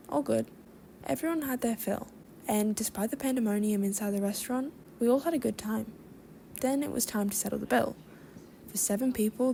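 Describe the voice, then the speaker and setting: Woman reading stories, gravelly dark voice. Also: medium pitch, slight background noise. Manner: even, conversational reading with brief asides. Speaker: story reader. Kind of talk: reading online stories aloud.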